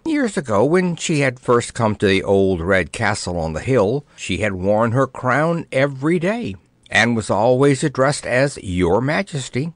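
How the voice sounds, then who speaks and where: A man narrating a children's storybook in an expressive, playful way. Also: medium pitch, a little slow, no echo. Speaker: audiobook narrator.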